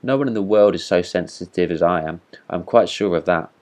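Man reading as a pompous firework rocket, haughty, indignant, deep voice, storybook. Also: fairly quick, a little mellow, lightly acted. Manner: haughty, self-important, indignant.

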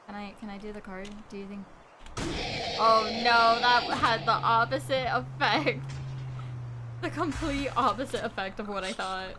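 Young female streamer, bright-pitched and chatty, noisy home stream audio. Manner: bubbly, chatty, talks to viewers while playing, frequent gasps and laughs. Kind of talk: casual live game stream chat.

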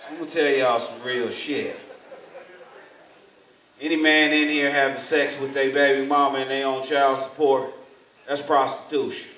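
A man doing stand-up comedy in a large hall, telling his story loudly and with lots of swearing. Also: mid-range voice, normal speed, long pauses. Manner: loud, profane, animated storytelling. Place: large hall in front of a live audience. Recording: echoey hall, voice from far, noisy.

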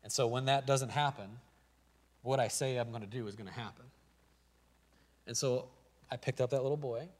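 A middle-aged man with a Midwestern American accent delivers a sermon from the pulpit of a church. His voice sits in the middle pitch range, sinking to a hush for anecdotes and rising loud and urgent, words stumbling over each other as he pleads. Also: normal speed, long pauses. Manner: shifts from hushed storytelling to loud pleading, stammers when worked up. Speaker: pastor. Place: church sanctuary.

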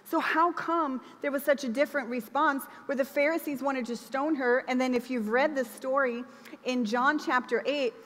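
Woman, young adult, sermon, conversational, expressive, reverberant church hall. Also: high voice, moderate pace. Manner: conversational, expressive, acts out quotes. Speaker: preacher.

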